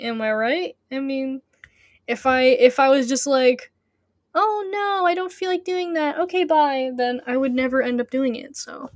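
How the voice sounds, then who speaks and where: High-voiced chatty woman streamer. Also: no echo, clean studio sound. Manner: chatty and rambling, laughs often, many restarts. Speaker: audiobook reader and streamer. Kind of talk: live-streamed reading with chat banter.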